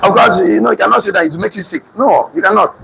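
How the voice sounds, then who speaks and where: A Nigerian-accented man leads a motivational class with a high, ringing voice. He talks emphatically, repeats his points and drills the room in call-and-response. A faint hiss of noise sits under him. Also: fast talker, gravelly, pushed and bright, poor audio. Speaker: motivational teacher.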